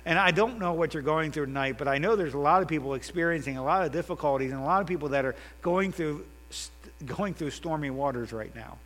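A man's voice: fairly high pitch, brisk, fairly bright tone. A man preaching a sermon with rising, emphatic repeated phrases, then leading a prayer. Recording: long reverb with mains hum.

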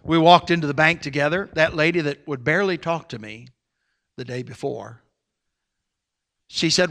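A male pastor telling a story in a sermon, folksy and animated, with sudden loud swells of emphasis. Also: fairly high pitch, moderate pace, creaky, pauses often.

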